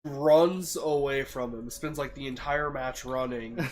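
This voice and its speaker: A young man with a mid-pitched voice, talking things over casually on a podcast. His delivery is steady and knowledgeable, with a faint hiss behind him. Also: measured pace. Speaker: podcast co-host. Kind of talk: casual chat.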